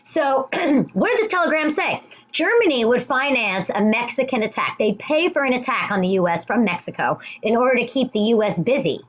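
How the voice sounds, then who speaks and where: A woman's voice: fairly high pitch, animated, moderate pace, lo-fi sound. A woman teaching history in a recorded video lesson. She talks in a chatty, emphatic way, with many restarts and asides.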